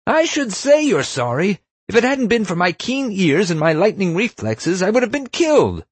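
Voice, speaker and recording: A man voicing a pompous, enraged middle-aged school principal who screeches in shrill outbursts. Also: very animated, moderate pace, slightly rough, dry recording, heavily acted.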